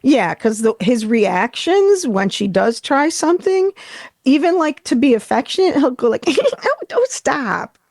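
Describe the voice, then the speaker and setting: A woman's voice: sits high, big pitch swings, moderate pace, a little mellow, no room sound, clean studio sound. A middle-aged woman hosting a podcast, chatting in a rambling way and swearing freely. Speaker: podcast host. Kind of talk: casual chat.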